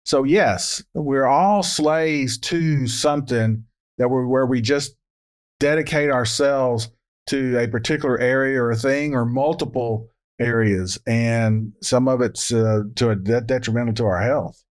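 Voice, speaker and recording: A man co-hosting a Bible study, explaining Greek word meanings in a measured way. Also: mid-range voice. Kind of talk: verse-by-verse Bible study discussion.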